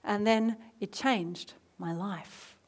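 A woman preacher in her thirties leading a prayer, then telling her story with lively asides and soft near-whispered moments. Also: medium pitch, slow pace, husky. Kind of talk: sermon with prayer.

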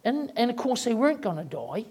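A man's voice: very high voice, big pitch swings, brisk, darkish tone, breathy edge. A middle-aged man preaching a sermon as pastor, talking in a conversational way and acting out the voices of people he quotes.

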